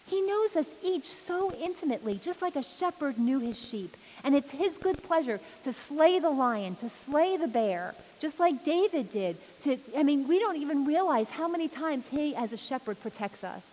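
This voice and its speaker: A woman giving an informal sermon, chatty and lively, laughing often as she talks. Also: sits high, moderate pace, few pauses. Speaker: preacher. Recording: long hall reverb with faint hiss.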